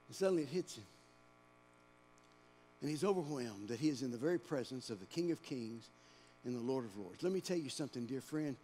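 A male pastor preaching a dramatic sermon in a church, swinging between hushed lines and shouted ones. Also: medium pitch, animated, moderate pace, pauses often. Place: church sanctuary. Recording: long church-hall reverb.

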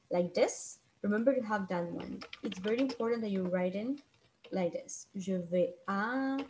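A woman's voice: on the high side, a little hiss or hum. Patient woman teaching an online class. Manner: patient, repeats and translates phrases slowly. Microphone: video call.

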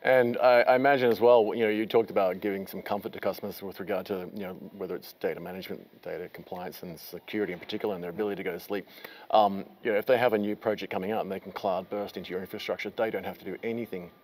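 Fast-talking male interviewer, low voice. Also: steady tone, darkish tone, a little hiss or hum, poor audio. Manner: quick, long run-on questions, frequent fillers. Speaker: interviewer host. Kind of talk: conversational interview questions. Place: busy conference venue.

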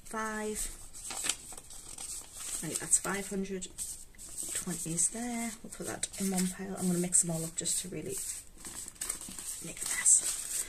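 A budgeting vlogger with a Geordie accent chats casually and talks to herself while counting out cash for her budget. Her mid-range voice is unhurried, with long pauses. The recording is clear, with background noise of rustling notes.

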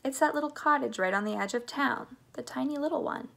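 A woman's voice: sits high, a little fast, vocal fry, bright, forceful tone, voice pushed up, heavily acted. A woman reading the part of a poor, kind young boy who talks eagerly and breathlessly.

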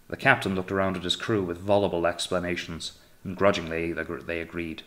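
Deep-voiced male audiobook narrator. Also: little pitch movement, fairly quick, fairly bright tone. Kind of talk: scripted narration.

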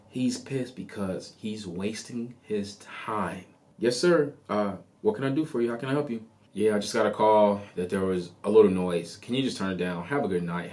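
A man hosting a podcast, telling a personal story in a casual, conversational way with lots of asides. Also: low voice. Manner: conversational, animated retelling with asides. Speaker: podcast host.

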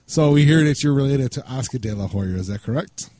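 Male co-host, husky, loose and joking, rambling questions. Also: mid-range voice, expressive, fairly quick, dark tone. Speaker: podcast co-host. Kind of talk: casual interview chat.

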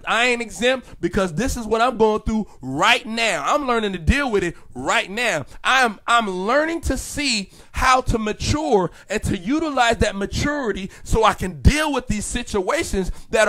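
High-voiced man preaching with animated energy. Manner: animated, repetitive, acts out voices, laughs often. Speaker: ministry speaker. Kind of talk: motivational preaching talk.

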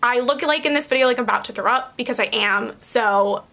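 Bright, high-voiced young woman vlogging. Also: a little fast, vocal fry. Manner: frank, chatty, laughs easily, swears lightly. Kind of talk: candid casual chat to camera.

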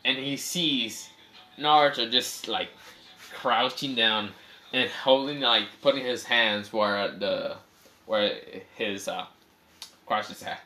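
A man telling an improvised fan story off the cuff, rambling and full of fillers, with frequent swearing and quick self-corrections. His voice is bright and sits at an ordinary pitch.

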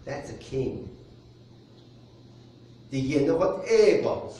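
A pastor delivers a deliberate, unhurried sermon, pausing for soft chuckles as he explains his points. His voice comes from a distance into a strongly echoing space, with faint noise underneath. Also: fairly high pitch, animated. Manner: measured preaching with soft chuckles. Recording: very echoey room, distant mic.

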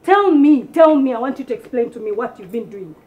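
A woman's voice: fairly high pitch, fast, narrow, tinny audio, close to an everyday voice. A woman playing a demanding employer who scolds her housemaid in a comedy sketch. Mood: scolding. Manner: scolding, commanding. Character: bossy demanding female employer.

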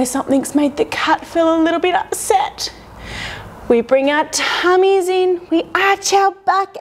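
A woman's voice: very high-pitched, a little hiss or hum. A young woman leading a playful children's yoga lesson, guiding poses and making animal sounds. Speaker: kids' yoga instructor.

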